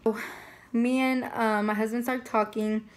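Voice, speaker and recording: A woman's voice: on the high side, flat delivery, measured pace. A young woman casually telling a personal story, chatty and full of fillers. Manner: chatty, many fillers like "like" and "you know". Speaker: family vlogger.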